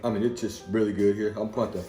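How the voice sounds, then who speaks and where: A man's voice: fairly low pitch, fairly even intonation, fast talker, warm tone, roomy sound, soft background music. A man with a Southern accent hosting a home cooking video, talking plainly and folksy with rambling asides as he walks through a recipe in his kitchen. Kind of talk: casual cooking demonstration.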